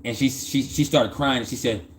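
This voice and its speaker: A man's voice: medium pitch, normal speed, slight background noise. A man casually telling a personal story in loose, profane slang, often stammering and restarting his sentences.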